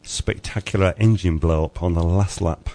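A man with a fairly low voice hosts a radio show. He reads sports results in a loose, chatty way, full of uhs and little chuckles. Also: moderate pace, warm tone. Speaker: radio host reading sports news. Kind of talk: casual radio chat and news roundup.

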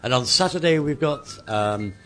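A man's voice: mid-range voice, expressive, moderate pace, a bit bright, faint music behind. A middle-aged man with a Mancunian accent co-hosting a casual radio chat, rambling and hesitant with many fillers. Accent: Mancunian English. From England. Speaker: radio co-host.

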